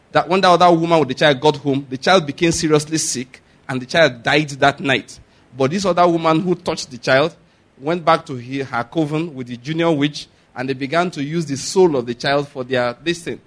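With a rather high, fairly bright voice, a Nigerian preacher gives a sermon. He talks casually, often starting over and wandering into asides.

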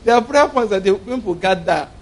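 A male preacher delivers a sermon in a high, bright voice. He is animated and humorous, stopping often to check that his listeners are following. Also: brisk. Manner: humorous, animated storytelling, asks the congregation questions.

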